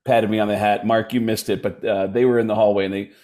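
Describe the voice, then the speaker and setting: A man who is a comedian guest, telling animated stories and switching into voices for the people he quotes. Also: lowish voice. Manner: lively anecdotes with quick voice switches for quoted people. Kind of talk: animated storytelling chat.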